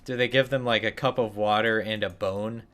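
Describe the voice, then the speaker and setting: A man's voice: lowish voice, fairly even intonation, moderate pace, a bit bright. A young man streaming a game, giving casual commentary full of sarcastic jokes and muttered asides.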